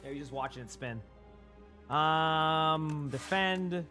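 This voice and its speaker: Chatty Boston streamer, slightly high voice. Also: male voice, slow pace, music in the background. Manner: casual, rambling, chatting with viewers. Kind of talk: live-stream gameplay commentary. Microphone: headset.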